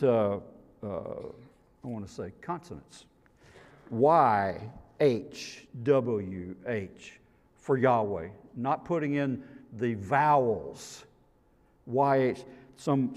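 Slow-preaching man in a reverberant sanctuary. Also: mid-range voice. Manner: slow, emphatic preaching that swells loud and drops to near hush. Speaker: pastor. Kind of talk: sermon. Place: church sanctuary. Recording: long reverb of a church sanctuary.

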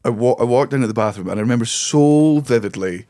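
A man's voice: medium pitch, fast talker, mellow, no room sound, clean studio sound. A Scottish man with a Caithness accent, a comedian guest on a podcast telling stories in casual, swear-filled chat and laughing through them. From Scotland.

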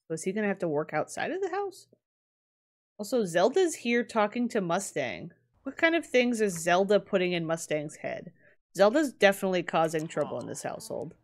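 Woman, game streamer, chatty, excitable, lively swooping pitch. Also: fairly quick. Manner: chatty, excitable, laughs often. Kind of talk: casual let's-play commentary.

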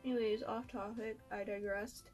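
A woman's voice: mid-range voice, fairly even intonation, moderate pace, darkish tone, soft background music. A young woman telling a story in casual chat, slangy and filled with "like," swearing freely. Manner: slangy, swears, many likes. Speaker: beauty vlogger.

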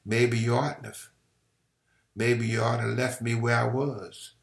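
A man's voice: medium pitch, little pitch movement, slow pace, creaky. Man reading as a sullen defiant young man. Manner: sullen, defensive. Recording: roomy echo.

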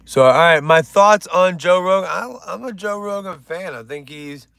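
A man chatting on a live stream, rambling from joke to joke and swearing freely as he talks to viewers. His voice sits a little high, bright and gravelly. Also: moderate pace, dry recording. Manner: rambling, profane, joking with viewers. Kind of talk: casual live-stream chat.

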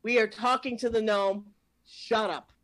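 A woman's voice: fairly high pitch, fairly even intonation, unhurried, fairly bright tone. Brash older woman improviser on a call. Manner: brash, swears freely, exasperated. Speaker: improv comedian. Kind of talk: improvised comedy scene. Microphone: video call.

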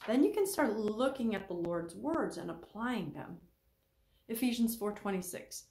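A woman counselor delivers a faith-based teaching talk at a measured pace, her voice edged with gravel. She's animated, acting out quoted speakers with sudden jumps in pitch. The roomy space gives the sound a slight ring.

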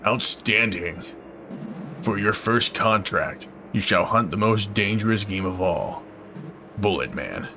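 A man reading game dialogue aloud as a gruff male recruiter, lowering his voice into clipped, commanding orders. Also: animated, slow, bright, forceful tone, heavily acted. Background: game music.

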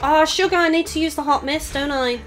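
A woman's voice: high-pitched, steady tone, a little fast, fairly bright tone, faint music behind. A young English woman with a mixed Scouse, Welsh and English accent, giggling and chatting through live game commentary while reading viewer messages. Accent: mix of Scouse, Welsh and English. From England. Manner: chatty, giggly, reads chat aloud. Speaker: gaming streamer. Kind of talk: live let's-play commentary. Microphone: desk microphone.

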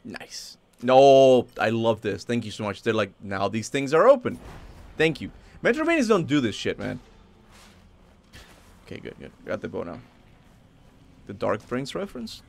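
A man streaming a video game, chatting casually and excitably as he plays, with the odd swear. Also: mid-range voice, normal speed, creaky, long pauses. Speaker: gaming streamer. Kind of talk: casual live gameplay commentary.

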